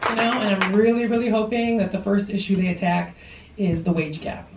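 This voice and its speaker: Woman comedy host, playful and self-mocking, roomy live-theater sound with a loud audience. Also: mid-range voice, a little fast, far from the mic, a crowd in the background, noisy background. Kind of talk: stand-up comedy set.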